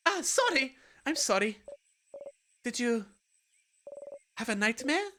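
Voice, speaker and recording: A streamer voicing Mirabelle, a kind and worried young woman, reading game dialogue in a high, anxious voice. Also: big pitch swings, slow pace, pushed and bright, a little hiss or hum, full character voice. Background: game music.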